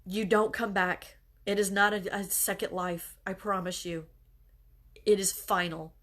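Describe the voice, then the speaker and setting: A middle-aged bereaved mother speaking earnestly and haltingly to her followers, tearful as she talks. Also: mid-range voice, fairly even intonation, a bit bright. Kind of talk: emotional direct-to-camera talk.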